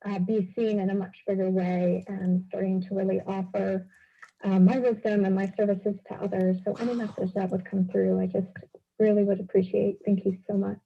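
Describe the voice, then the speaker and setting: Woman caller, grateful, heartfelt, flat steady pitch, dull call-in line. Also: normal speed, vocal fry.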